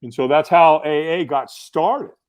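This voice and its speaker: A middle-aged man telling stories as a podcast guest, in a casual, animated way full of fillers and restarts. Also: on the high side, measured pace. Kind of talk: casual storytelling.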